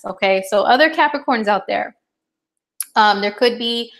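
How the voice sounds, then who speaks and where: Fast-paced and fairly high-pitched, a woman astrologer in her thirties delivers a casual horoscope chat. She's animated and talkative, often laughing and acting out little dialogues.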